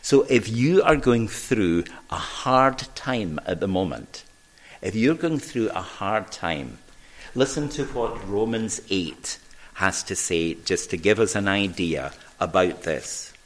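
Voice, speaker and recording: Slow, earnest male preacher. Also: on the low side, lively intonation. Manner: earnest, measured, reads scripture aloud. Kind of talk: sermon. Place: church service.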